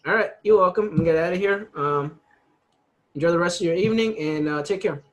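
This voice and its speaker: A man from New York hosting a casual interview, telling lively work stories, acting out his coworkers' lines and laughing often. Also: sits high, fast, muffled recording, a crowd in the background. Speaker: host.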